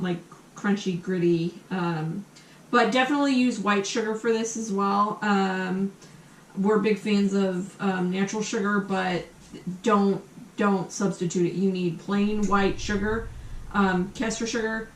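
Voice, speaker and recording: A woman's voice: mid-range voice, fairly even intonation, measured pace, a little hiss or hum. An American woman hosting a casual home cooking demonstration, chatty and full of ums as she talks while she cooks in her kitchen. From USA. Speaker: cooking show host. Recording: echoey kitchen, mic at a distance.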